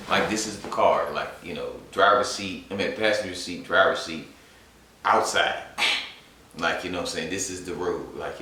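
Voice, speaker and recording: A young man telling a rambling, animated sports story in casual chat, full of fillers. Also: low voice, a little hiss or hum. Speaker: sports fan vlogger. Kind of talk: casual storytime and game recap. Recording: echoey room, far from the mic.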